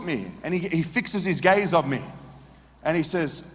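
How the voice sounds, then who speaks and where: An Australian man telling a lively story in a sermon, acting out what people said to him. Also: fairly high pitch, moderate pace. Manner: animated storyteller, acts out quoted dialogue. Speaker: preacher. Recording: long hall reverb.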